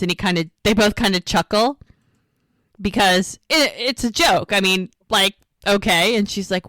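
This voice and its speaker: In a dry recording, a podcast co-host with a mid-range voice walks through a TV episode at a measured pace. She keeps it casual but animated, performing the characters' dialogue as she goes.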